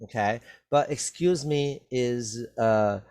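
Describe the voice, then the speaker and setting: A man teaching an English reading lesson in an unhurried, patient way. His pitch sits in an ordinary middle range. He repeats words and checks in with "okay?" after nearly every point. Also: a little mellow, smooth. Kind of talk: slow reading lesson for learners.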